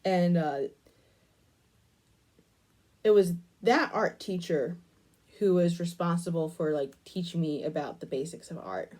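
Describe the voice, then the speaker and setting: A woman's voice: on the low side, a little slow, pauses often, darkish tone. A young adult woman chatting casually as she works with clay, wandering between her task and a long childhood story. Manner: rambling storytelling, asides about her work. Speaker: crafting channel host. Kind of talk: casual chat while crafting.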